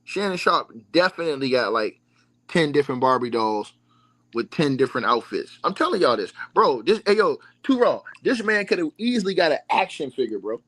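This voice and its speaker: Man, livestream host: mocking sports rant, swinging pitch, bone-dry sound. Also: very animated, fairly quick, fairly bright tone, dry recording. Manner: mocking, repetitive, talks straight to the audience. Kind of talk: animated sports rant to viewers.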